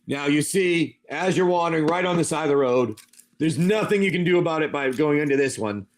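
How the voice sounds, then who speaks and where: Animated and fairly quick, a man narrates a wasteland tabletop adventure on stream as game master, his voice slightly high for a man. He talks loosely and ramblingly, with many asides, calling on players by name.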